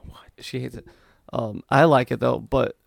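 Gravelly laid-back man with a Chicago accent. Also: mid-range voice, steady tone, normal speed, no room sound, studio quality. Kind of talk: casual group chat.

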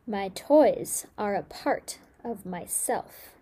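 A woman voicing an old male toy maker in a children's story, speaking slowly, with sighs and a weak voice. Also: medium pitch, animated, warm tone, slightly rough. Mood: weary. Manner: slow, sighing, weak-voiced.

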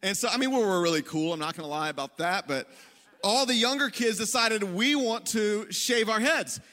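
A male pastor with a high, bright voice tells a funny story in a casual, self-deprecating way. He speaks in a large church hall, and his voice rings out with a long echo. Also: animated, normal speed. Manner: self-deprecating, joking, conversational. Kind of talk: storytelling sermon.

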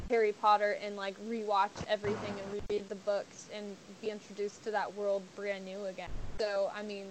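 A woman's voice: medium pitch, noisy background. A young woman guest on a podcast, chatting casually in a bubbly, gushing way with lots of "like" fillers. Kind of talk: casual chat.

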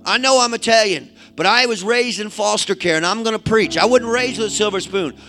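A man with a St. preaches to a church congregation, his voice high and ringing bright. He drops into quiet, folksy asides, then climbs into shouted calls to the crowd. Faint instrumental music plays softly behind him. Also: fairly quick. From inner-city St. Louis, USA. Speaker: evangelist preacher. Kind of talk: fiery sermon.

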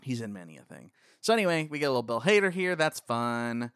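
A man's voice: medium pitch, big pitch swings, quick pace, fairly bright tone, clear, resonant tone, no echo, clean studio sound. A man in casual conversation about a film, rambling and laughing as he retells scenes. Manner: rambling, laughs often, quotes scenes in voices. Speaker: podcast co-host. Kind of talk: casual movie commentary chat.

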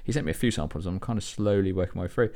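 A man co-hosting a podcast, talking in a relaxed, easygoing, chatty way. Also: sits low, very fast. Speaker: podcast co-host. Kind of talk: casual podcast chat.

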